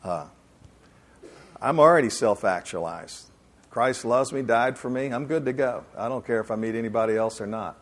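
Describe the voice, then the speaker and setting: A man's voice: medium pitch, moderate pace. Folksy man in his fifties. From Alabama, USA. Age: 50s. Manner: folksy, joking storyteller. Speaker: men's ministry speaker. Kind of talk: speech to a live audience.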